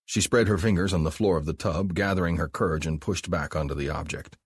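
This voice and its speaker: Deep husky male audiobook narrator. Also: a little fast, no echo, clean studio sound. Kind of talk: scripted narration.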